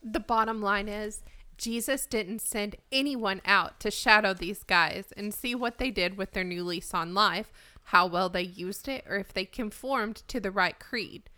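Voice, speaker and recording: Bright-voiced woman explaining scripture. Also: medium pitch, measured pace. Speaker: co-host of a Bible discussion. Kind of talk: conversational Bible teaching.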